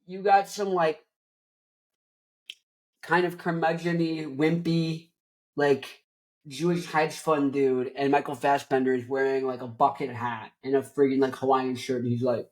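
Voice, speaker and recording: A man's voice: medium pitch, measured pace. Rambling young man ranting about movies. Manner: animated and rambling, full of "like". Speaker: host. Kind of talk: casual movie rant.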